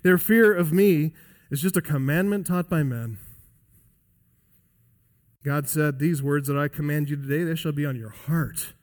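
Emphatic preaching man, high-pitched. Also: unhurried, long pauses, big-room sound. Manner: emphatic preaching with wide swings in pitch and loudness. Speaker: pastor. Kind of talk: sermon. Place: church sanctuary.

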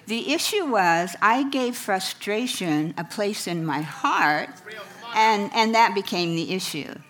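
A woman's voice: lowish voice, a bit bright. A middle-aged woman, a counselor, telling personal stories to an audience with wry humor. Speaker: counselor and speaker. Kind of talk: storytelling talk.

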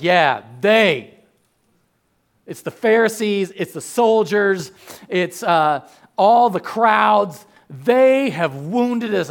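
Male pastor, conversational sermon, high lively voice with some gravel, acts out quotes. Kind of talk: animated sermon.

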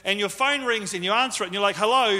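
Man preaching, high voice, bright tone, long hall echo. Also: quick pace. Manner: conversational, teasing the congregation. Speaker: pastor. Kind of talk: sermon. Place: church hall. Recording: live sermon with long hall reverb.

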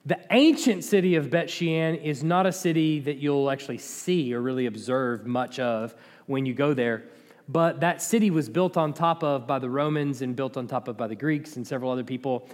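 A man's voice: medium pitch, moderate pace. Man giving a Bible lesson in a reverberant hall. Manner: conversational, with restarts and dry asides. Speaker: Bible teacher. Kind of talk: informal Bible teaching.

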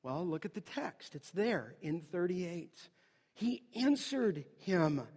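A man preaching an earnest, emphatic sermon that builds to loud declarations. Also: sits high, big pitch swings, takes it slowly, slightly rough, long reverb tail. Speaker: pastor.

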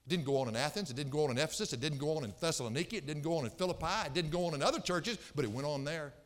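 A pastor preaching an expository sermon, emphatic and repeating phrases to drive points home. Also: male voice, a little high, very fast, long reverb tail. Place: church sanctuary.

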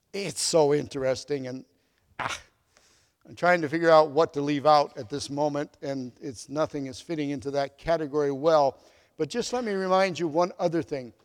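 Male pastor, high voice, storytelling sermon with swings between loud and soft, long hall reverb. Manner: storytelling, acts out the quoted dialogue with big swings in loudness.

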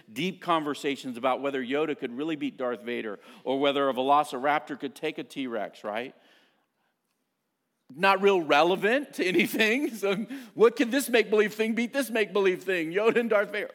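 Animated middle-aged man preaching a sermon. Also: fairly high pitch, a little fast. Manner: storytelling, animated and self-mocking. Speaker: pastor.

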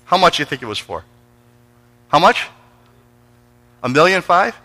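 Middle-aged pastor preaching hard in church, super bright forceful voice, keeps calling out to the crowd. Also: male voice, fairly high pitch, normal speed, poor audio. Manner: energetic, calls out to the congregation for responses. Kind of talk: storytelling sermon. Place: church sanctuary before a congregation.

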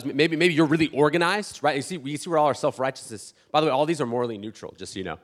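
A man in his thirties preaching a sermon as a pastor, animated and conversational, acting out church members and often restarting his words. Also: on the high side, rapid-fire, few pauses. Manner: many restarts and repeated words.

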